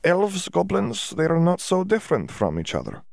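A man's voice: high voice, huge pitch swings, moderate pace, gravelly, a little mellow, no echo, clean studio sound, voice pushed up, heavily acted. A man voicing a cheerful young foreign wizard student in an audiobook, who stammers and hunts for words in broken English.

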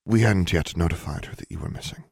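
A man voicing a stern, evasive woman school dean in a measured, formal tone in an audiobook. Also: sits low, a little mellow, husky, dry recording, studio quality.

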